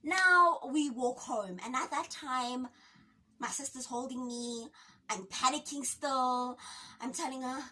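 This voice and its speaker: Young South African woman, storytime vlogger, high pitched, animated, slightly off-mic. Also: a little slow. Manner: dramatic, expressive, acts out quotes with sudden pitch jumps. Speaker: YouTuber. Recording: voice a bit distant from the mic.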